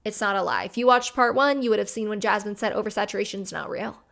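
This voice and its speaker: A young adult woman giving critical commentary as a vlogger, explaining in a skeptical, steady way. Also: mid-range voice, fast talker, creaky.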